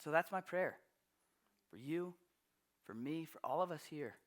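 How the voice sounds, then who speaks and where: A man's voice: on the high side, lively intonation, measured pace. A man in his thirties from Long Island, New York, preaching a sermon as a pastor in a conversational, storytelling way with frequent restarts.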